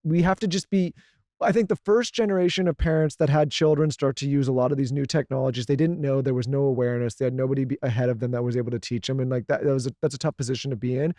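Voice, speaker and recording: A man's voice: medium pitch, fairly even intonation, dark tone, no room sound, clean studio sound. A man co-hosting a podcast, talking casually in a rambling way with lots of fillers. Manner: rambling, fast, many fillers. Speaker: podcast co-host.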